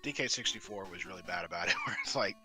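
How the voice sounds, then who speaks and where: A man's voice: deep voice, expressive, fast talker, sharp tone, soft background music. A young man bantering and teasing his friend during a casual livestream, cracking jokes. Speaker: co-host friend.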